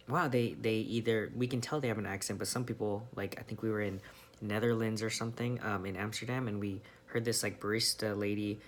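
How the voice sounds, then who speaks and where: Rambling young guy, lowish voice. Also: a little hiss or hum. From California. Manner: rambling, many ums and restarts. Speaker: vlogger. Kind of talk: casual monologue.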